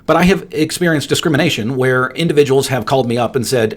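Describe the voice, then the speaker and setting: A man's voice: medium pitch, steady tone, very fast. A man hosting a solo podcast, talking earnestly and emphatically, often repeating words for stress. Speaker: podcast host and appraiser coach.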